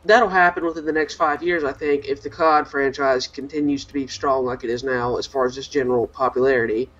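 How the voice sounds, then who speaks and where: A man's voice: mid-range voice, fairly even intonation, a little fast, a bit bright, highs cut off. A man co-hosting a casual gaming podcast, rambling and opinionated, with frequent restarts. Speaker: podcast co-host.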